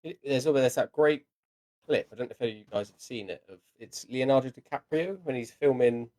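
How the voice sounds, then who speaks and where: A man's voice: medium pitch, quick pace, darkish tone. Hesitant man asking a rambling question. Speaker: audience member asking a question. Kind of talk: casual interview chat.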